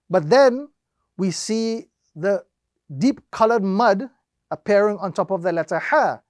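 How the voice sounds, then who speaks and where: A man teaching Quran recitation, explaining each rule slowly and step by step, drawing out the example words and repeating the steps methodically. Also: sits high, no echo, studio quality. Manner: slow, deliberate explanation with drawn-out demonstrations. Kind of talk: instructional lesson.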